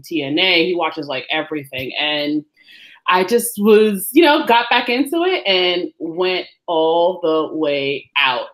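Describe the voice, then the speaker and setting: A woman's voice: fairly low pitch, fairly bright tone. A woman in her twenties from the US East Coast, a giggly podcast guest with lots of ums. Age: 20s. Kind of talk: casual chat.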